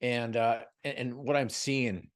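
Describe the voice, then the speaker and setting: A man's voice: mid-range voice, steady tone, a little slow. A man giving a motivational talk as a guest speaker on a video call, joking and telling stories in an earnest, upbeat way.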